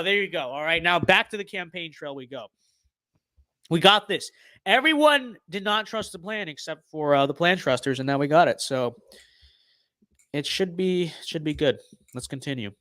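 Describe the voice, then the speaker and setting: A man's voice: a little high, normal speed, pauses often, no echo, studio quality. Sarcastic young man streaming a game. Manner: sarcastic, swings from muttering to excited outbursts. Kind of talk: casual gameplay commentary.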